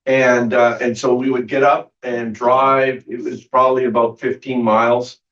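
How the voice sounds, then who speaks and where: A man's voice: mid-range voice, level tone, moderate pace, fairly bright tone. A man, a pastor, leading a church study group in an easygoing way with many fillers. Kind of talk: group facilitation on a video call. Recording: roomy, distant, dull-sounding.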